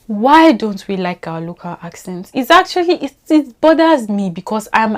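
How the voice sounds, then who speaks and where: A woman from Nigeria with a Nigerian accent, talking casually to camera as a vlogger, animated and teasing, firing off rhetorical questions. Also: mid-range voice.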